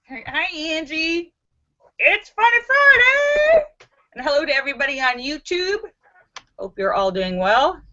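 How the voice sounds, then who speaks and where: A woman with a bright, slightly high voice, hosting a live stream in an unhurried, chatty way. She greets viewers by name and reads out their jokes. The webcam audio sounds dull and lo-fi. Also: lively intonation.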